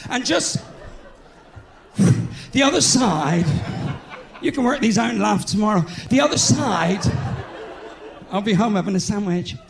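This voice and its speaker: A man's voice: high voice, expressive, unhurried, vocal fry, long pauses. A man with a West Country English accent doing live stand-up comedy in a large theatre, chatty and self-mocking as he banters with the crowd. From England.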